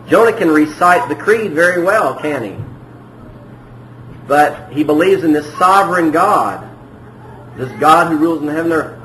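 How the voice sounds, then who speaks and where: A man's voice: fairly high pitch, fairly bright tone. A man preaching a verse-by-verse sermon in a conversational way, often asking the congregation questions. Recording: echoey room with faint noise.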